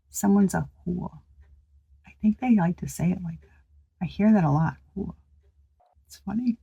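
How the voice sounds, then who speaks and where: A woman's voice: fairly low pitch, creaky, darkish tone, husky, dull audio. A woman giving a casual tarot reading to her viewers, chatty and exclamatory, swearing freely and thinking aloud with restarts. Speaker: tarot reader.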